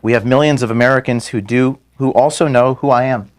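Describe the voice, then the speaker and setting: In an office, a man near tears offers his staff a halting farewell, with repeated words and apologies for his emotion. His mid-range voice keeps a steady tone.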